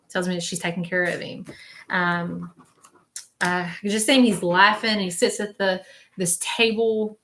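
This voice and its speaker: A woman's voice: lowish voice, little pitch movement, normal speed, fairly bright tone. A woman hosting a live stream as a spiritual medium, chatty and reassuring, repeating messages and checking in with the viewers. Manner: chatty, repeats phrases, relays messages as quotes; reassuring, keeps checking in with "okay?". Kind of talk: live stream psychic reading.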